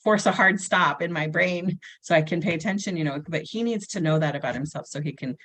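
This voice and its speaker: A woman in her thirties talks casually as a family coach, her voice sitting a little low. She tells stories with energy and slips into her children's lines as she goes. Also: a little fast. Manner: animated storyteller, acts out her kids' lines. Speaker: guest, family dynamic coach. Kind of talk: casual chat.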